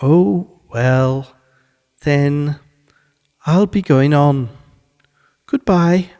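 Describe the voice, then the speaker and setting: Pooh, a man doing a slow, wondering bear. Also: fairly high pitch, warm tone, smooth. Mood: awkward, polite. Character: gentle simple-minded male teddy bear. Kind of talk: bedtime storybook reading.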